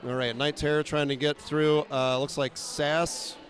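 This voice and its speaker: A man calling a roller derby bout play by play, quick and wry, with frequent fillers and self-deprecating asides. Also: a little high, level tone. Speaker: play-by-play announcer. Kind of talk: live sports commentary.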